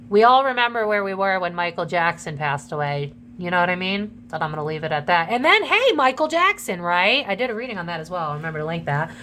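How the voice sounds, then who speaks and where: A woman's voice: fairly low pitch, fairly bright tone, a little hiss or hum. A woman doing a casual psychic tarot reading to her viewers, chatty and emotional, swearing freely.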